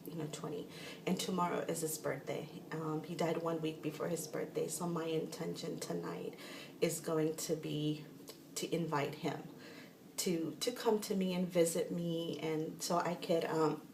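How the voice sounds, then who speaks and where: Gravelly-voiced woman teaching spiritual practice. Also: sits low, steady tone, normal speed. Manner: rambling, restarting sentences. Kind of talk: casual guided instruction. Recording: roomy echo, mic at a distance, faint noise.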